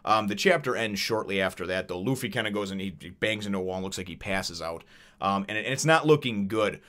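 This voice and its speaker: A man with a lowish, somewhat bright voice talks fast and expressively as he reviews a manga chapter. His casual chat rambles along, packed with fillers, swearing and chuckles.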